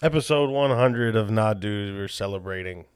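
A man's voice: fairly low pitch, moderate pace, clean tone, dry recording, studio quality. A man co-hosting a casual podcast, joking with mock-prim propriety. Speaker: podcast co-host.

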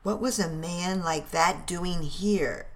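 A woman voicing a troubled male officer quietly questioning what he has just witnessed. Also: fairly low pitch, slow. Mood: bewildered.

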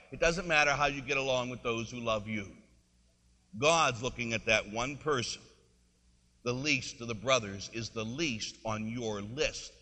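Priest, male, mid-pitched, very bright tone; casual storytelling sermon, church reverb. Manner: conversational, storytelling, leads congregation in repeating a phrase. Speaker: Catholic priest.

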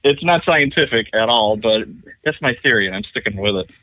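A man's voice: lowish voice, lively intonation, fairly quick, bright, forceful tone, no echo, rough recording. A man in his fifties, from Chicago, telling rambling, wry stories about his family and childhood in a casual chat. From Chicago, USA. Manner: rambling anecdotal storyteller, wry. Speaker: podcast guest.

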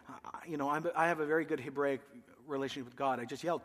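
A man's voice: a little high, steady tone, fast talker, hardly any pauses, a bit bright, long reverb tail. A man, a pastor, earnestly telling a personal story in a sermon, his voice rising when he quotes himself. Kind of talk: sermon testimony.

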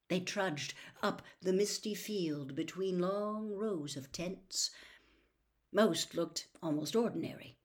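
Low-voiced woman reading a story aloud. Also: slow.

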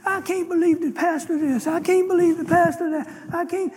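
A man's voice: very high voice, steady tone, moderate pace, darkish tone, pitched above the performer's own voice. A man acting out a grumbling male marcher who gripes incredulously about the orders he has been given. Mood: griping. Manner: whiny, incredulous griping. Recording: long reverb of a large hall.

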